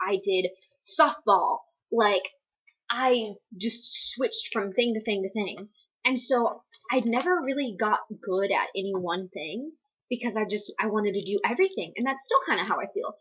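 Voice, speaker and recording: A young adult woman from the US East Coast answers viewer questions in a casual Q&A vlog, her mid-range voice a bit bright, slightly breathy and husky. She rambles, leans heavily on "like," and pokes fun at herself. The home recording sounds dull and lo-fi.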